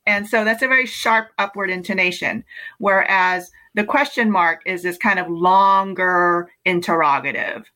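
A woman's voice: lowish voice, bright, forceful tone, low-quality recording. A woman guest on a podcast, chatting casually and patiently explaining how words are pronounced. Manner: patient, teaching pronunciation slowly.

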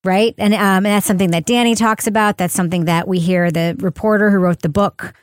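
A woman's voice: medium pitch, steady tone, brisk, no echo, clean studio sound. A woman hosting a podcast, steering the discussion in casual chat and often checking in with "right?". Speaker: podcast host.

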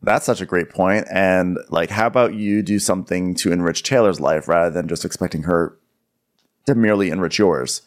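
A man's voice: low voice, normal speed. A man co-hosting a podcast, gossiping about a reality show in rambling casual chat full of "like"s. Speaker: podcast co-host.

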